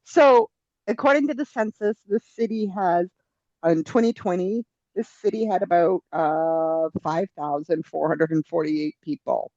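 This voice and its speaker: A woman's voice: fairly low pitch, a little slow, a little mellow, dry recording, dull audio. A woman co-hosting a podcast in casual chat, matter-of-fact as she reads out facts. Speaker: podcast co-host.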